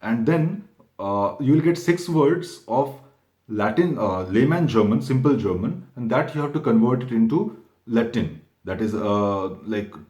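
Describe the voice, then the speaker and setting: A man giving an informal, step-by-step explainer talk to viewers, halting often and correcting himself as he goes. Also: fairly low pitch, dark tone, dull audio. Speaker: exam prep channel host. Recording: echoey room.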